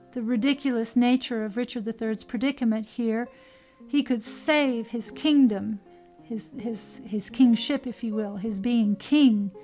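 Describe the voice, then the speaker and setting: A woman with a slightly high, darkish voice teaches a recorded lesson on verse meter. She explains things carefully in a measured way, tapping out stressed and unstressed syllables and reading lines of verse slowly with emphasis.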